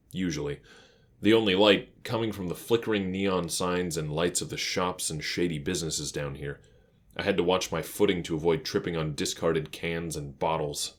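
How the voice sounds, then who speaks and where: A man narrating a first-person science fiction story in a calm, measured, quiet way. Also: sits low.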